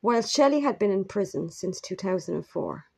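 A woman narrating a true crime story in a measured, grave manner with brief asides. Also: mid-range voice, animated, gravelly, darkish tone, husky.

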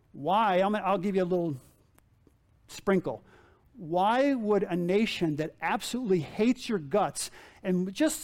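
A man's voice: high voice, a little mellow. A male pastor giving a sermon in a conversational way, repeating key phrases and asking the congregation questions.

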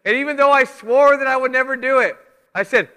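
A middle-aged man giving a church sermon with announcements, talking conversationally and telling stories with animated asides. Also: very high voice, brisk, clear, resonant tone. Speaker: preacher. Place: church sanctuary. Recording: reverberant church hall.

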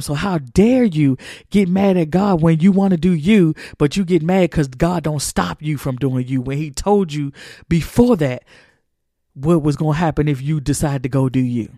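High-voiced man preaching in a dry room. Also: mellow, no echo. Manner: emphatic, colloquial, repetitive street-preacher cadence. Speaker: podcast host. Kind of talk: preaching monologue.

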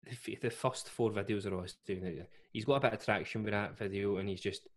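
Rambling Scottish man, low voice. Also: quick pace, slight background noise. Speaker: podcast co-host. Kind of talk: casual chat.

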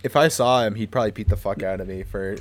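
A man's voice: lowish voice, fast talker. A young man co-hosting a podcast in casual chat, laid-back with dry teasing remarks. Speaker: podcast co-host.

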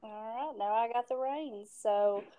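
This young woman from Tennessee has a Southern American accent and a fairly high voice, speaking at a measured pace over phone-quality audio with no room sound. As a podcast co-host, she keeps the chat casual, easygoing and folksy, and she laughs readily.

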